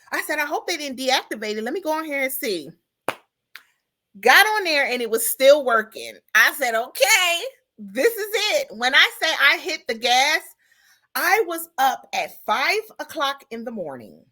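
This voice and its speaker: A woman in her forties, a podcast host, chatting casually and telling a story in an animated way, with features, calling out to her listeners as "y'all" and "girl". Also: high voice. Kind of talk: casual chat.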